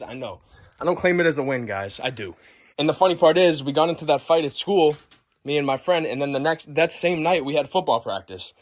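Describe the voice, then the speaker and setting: A young man vlogger telling a story in a loud, profane, boisterous way, acting out the scenes as he goes. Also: on the high side. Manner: boisterous, swears constantly, acts the story out.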